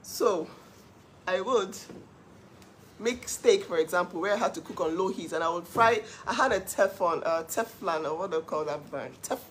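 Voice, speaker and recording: A middle-aged woman hosting her own live stream, telling her story with animated emphasis. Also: lowish voice, moderate pace, a little hiss or hum. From Nigeria. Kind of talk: casual live-stream monologue.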